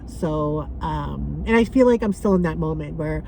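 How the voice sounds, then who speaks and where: A young woman vlogging to camera, soft and halting with many pauses and fillers, emotional and close to tears. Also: low-pitched, animated, gravelly, slight background noise, rough recording. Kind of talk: personal vlog talking to camera.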